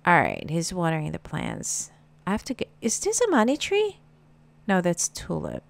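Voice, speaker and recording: Low gravelly lady chatting thru her game, lots of ums, talks to the little people on screen. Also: wildly swooping pitch, moderate pace. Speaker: gameplay streamer. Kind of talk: casual gameplay commentary.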